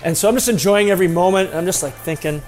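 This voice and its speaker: A man, a former hockey player, telling a personal story in a lively, self-deprecating way. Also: sits high, fast talker.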